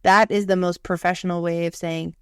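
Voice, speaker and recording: A woman's voice: fairly low pitch, fairly even intonation, a little fast, clean tone, dry recording, clean studio sound. A young woman co-hosting a podcast in casual chat, blunt and profane, often acting out what coworkers say. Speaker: podcast co-host.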